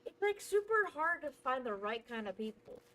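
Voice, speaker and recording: A woman's voice: high-pitched, big pitch swings, moderate pace, bright, forceful tone. A woman voice actor chatting casually on a stream, blunt and swearing freely. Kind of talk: casual chat.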